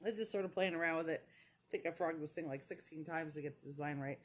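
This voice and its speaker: This is a woman chatting straight to her camera at home. Her voice sits a little low, and she tells her story loosely, laughing along the way and putting on voices for the people she quotes. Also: fast talker. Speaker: crochet vlogger. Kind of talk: casual chat.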